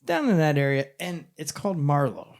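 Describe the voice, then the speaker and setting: A man's voice: on the high side, sing-song, normal speed. A man co-hosting a podcast, telling rambling childhood stories in a casual, joking way. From born in St. Louis, raised in western Oklahoma. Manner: rambling, jokey storyteller. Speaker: podcast co-host.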